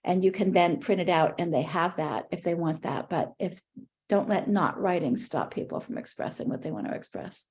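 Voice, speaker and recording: A middle-aged woman giving a conversational workshop talk to caregivers on supporting grief, gentle and often restarting her sentences. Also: fairly low pitch, normal speed. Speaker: workshop presenter on grief care.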